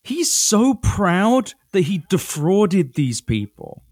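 A British man hosting a podcast, ranting in casual, profane chat and mocking people with quick impressions. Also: high-pitched, big pitch swings, a little mellow, no room sound, clean studio sound. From Britain. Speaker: podcast host.

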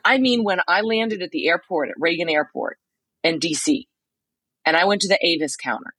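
A woman co-hosting a podcast from a motel room, telling a story in casual chat with quick asides. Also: lowish voice, fairly bright tone, husky, no echo, poor audio. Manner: chatty storyteller, quick asides and acted-out quotes. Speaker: podcast co-host reporting from a trial.

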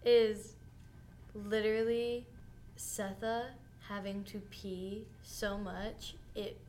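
A young woman co-hosting a casual podcast, chatting in a relaxed way and laughing often. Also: mid-range voice, slow pace, a little hiss or hum. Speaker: podcast co-host. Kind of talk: casual chat.

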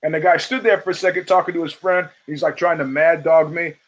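In a relaxed, profane monologue, an American host recounts stories and mimics the people in them with animated energy. He speaks fairly quickly, his voice pitched a bit above most men's, and the audio is rough.

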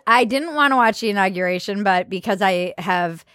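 A woman's voice: mid-range voice, moderate pace, fairly bright tone, no room sound. Sarcastic woman podcast host, dry sound. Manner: sarcastic, exasperated, profane. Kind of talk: casual comedic chat.

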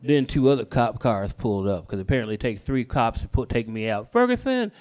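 A man's voice: mid-range voice, huge pitch swings, normal speed, long pauses, darkish tone. A man performing live stand-up comedy, telling a long story with punchlines. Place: comedy stage at a live show.

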